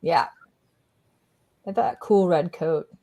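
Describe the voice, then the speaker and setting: A woman's voice: lowish voice, takes it slowly, vocal fry, warm tone. Casual bubbly woman co-host, playful voices for pets. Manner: bubbly, playfully acts out pets' thoughts in voices. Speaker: co-host of a pet healing livestream. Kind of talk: casual chat.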